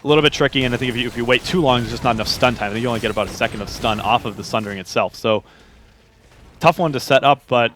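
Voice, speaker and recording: Brief: young male co-caster, mid-pitched, breaks down plays with easy banter and laughs. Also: rapid-fire, background noise. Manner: chatty, explains mechanics, teasing, laughs often. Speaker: esports co-caster. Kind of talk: analytical esports color commentary.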